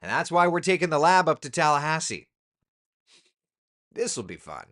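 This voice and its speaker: A man, a TV meteorologist, chatting casually through the weather, relaxed and talkative with asides and fillers. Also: fairly high pitch, moderate pace. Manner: relaxed, chatty, thinking aloud with ums and asides.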